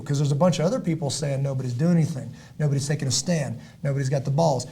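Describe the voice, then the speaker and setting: Husky, emphatic middle-aged man preaching. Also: quick pace, few pauses. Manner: emphatic, repetitive, builds to loud peaks then drops low; clears throat often. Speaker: podcast host and former Navy SEAL. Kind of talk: casual podcast talk, preachy and motivational.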